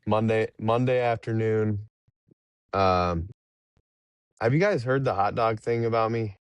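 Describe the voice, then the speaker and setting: A man in his twenties, a professional baseball pitcher and podcast guest, telling laid-back, rambling stories with easy laughs between them. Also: slow, long pauses, dry recording. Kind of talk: casual interview storytelling.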